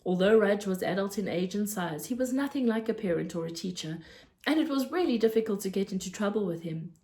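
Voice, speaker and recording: A woman narrating a children's storybook aloud in a steady, clear storytelling manner. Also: medium pitch.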